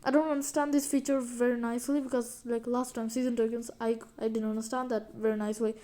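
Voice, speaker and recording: A woman talks through a game update in a loose, rambling way, full of fillers and restarts. Her voice sits a bit high, with a mellow, soft tone. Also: little pitch movement, quick pace. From India. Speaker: gaming video creator. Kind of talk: casual game update commentary.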